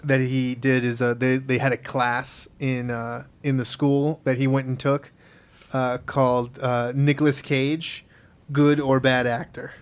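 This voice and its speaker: A man's voice: medium pitch, level tone, unhurried, clear, resonant tone. A man hosting a podcast who tells a story in a loose, casual way, with many fillers and restarts. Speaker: podcast host. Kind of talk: casual chat.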